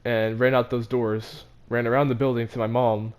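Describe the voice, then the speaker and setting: A man's voice: medium pitch, flat delivery, moderate pace, clean tone. A teenage boy telling a story about his school in a casual, rambling, self-mocking way, with many fillers and restarts. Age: teens. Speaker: vlogger.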